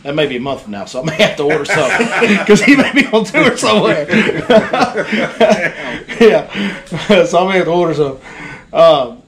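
A fishing guide telling a story in casual chat, animated and acting out the people in it. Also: male voice, high-pitched, a little slow, a crowd in the background.

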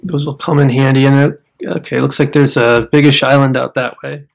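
An American man talking through a survival game at a mid pitch. He is chatty and explains each step to the viewers as he goes. Now and then he breaks into loud startled outbursts. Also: little pitch movement, fairly quick, vocal fry, soft background music. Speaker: gamer showing a survival game. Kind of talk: casual game commentary.

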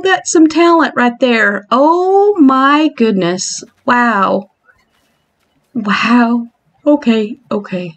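A woman casually narrating a video game island tour, giggly and excitable, with playful squeals of mock fright and laughter at her own jokes. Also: fairly high pitch, takes it slowly. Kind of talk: casual gameplay commentary.

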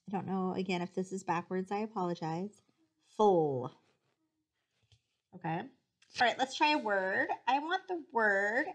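A woman teacher giving a spelling dictation lesson, patiently sounding out syllables and explaining the rules. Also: mid-range voice.

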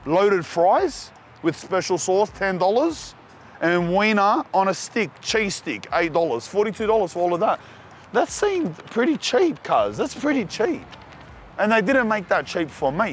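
A young man with an Australian accent hosting a casual food vlog outdoors, talking in excited slang to the viewer. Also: sits high, a little hiss or hum. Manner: excited slangy banter, calls the viewer cuz and bro. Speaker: food vlogger host. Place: outdoors at street food trucks.

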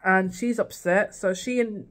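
A woman's voice: mid-range voice, steady tone, measured pace. A woman recapping a TV series in a casual vlog, rambling with lots of fillers and restarts and acting out lines. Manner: rambling, many fillers and restarts, acts out quotes. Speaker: TV series reviewer.

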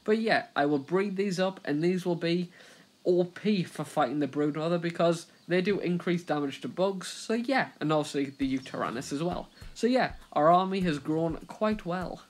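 Excitable British man playing a game. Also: on the high side, normal speed. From Britain. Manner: excitable, self-mocking, breaks into laughs and panicked shouts. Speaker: gaming YouTuber. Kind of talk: gameplay commentary.

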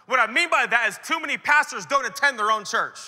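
A man's voice: extremely high pitch, animated, brisk, pushed and bright, long reverb tail. A man preaching a sermon to church leaders at a conference, talking casually and acting out the voices he quotes. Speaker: pastor. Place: large conference hall.

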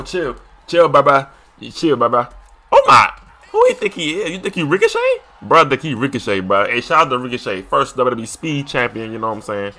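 A young man commentating a wrestling video game as he plays it, excitable and slangy, shouting and trash-talking at the screen. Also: mid-range voice. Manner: loose slangy casual speech. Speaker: gaming YouTuber. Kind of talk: live gameplay commentary.

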